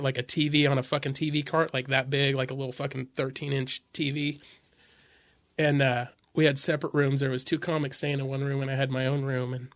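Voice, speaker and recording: A man's voice: mid-range voice, no echo. A man hosting a podcast, telling stand-up road stories in a casual, profane way and laughing as he goes. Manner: profane, laughing, loud when acting out others. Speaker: podcast host and stand-up comedian. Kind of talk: casual storytelling chat. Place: podcast studio.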